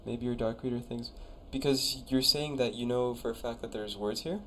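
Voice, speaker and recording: A young adult man with a mid-range voice and normal speed hosts a relaxed live stream where he looks over viewers' constructed languages. Chatty and laid-back, he reads chat aloud and sounds out coined words while a little hiss or hum runs underneath.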